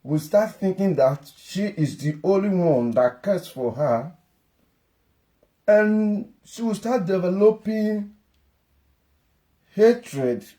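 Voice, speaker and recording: Man lecturing dads about parenting, slow and earnest, warm mellow voice. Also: high voice, expressive. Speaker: parenting advice speaker. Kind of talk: advice monologue.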